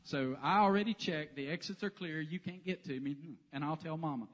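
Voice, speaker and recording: A man's voice: fairly high pitch, fairly quick, muffled recording. A man preaching a sermon in a church sanctuary, telling the story with humor. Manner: animated, joking storyteller. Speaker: pastor.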